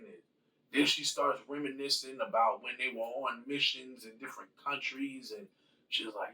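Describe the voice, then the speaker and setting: A man's voice: mid-range voice, steady tone, moderate pace, sharp tone, far from the mic, rough recording. A man casually retelling his own rewrite of a movie in a rambling, slangy way with lots of fillers. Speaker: channel host.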